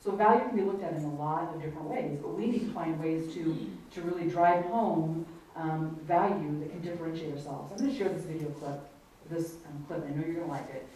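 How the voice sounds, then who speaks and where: A woman runs a team workshop, speaking quickly and encouragingly. Her tone is dark and mellow. The recording is distant, with a strong room echo. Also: sits low. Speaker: workshop facilitator. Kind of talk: team training session. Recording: echoey room, distant mic, faint noise.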